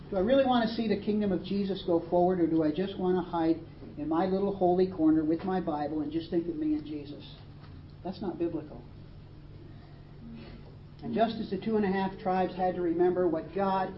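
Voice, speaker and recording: A woman's voice: lowish voice, echoey room, lo-fi sound, a little hiss or hum. A woman preaching a sermon, earnest and emphatic, reading scripture aloud. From Australia. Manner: earnest, emphatic preaching with dramatic read quotes.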